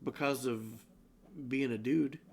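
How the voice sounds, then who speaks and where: A man's voice: medium pitch, takes it slowly, creaky. A man co-hosting a comedic live-streamed news roundup, rambling and joking, often laughing. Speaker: co-host.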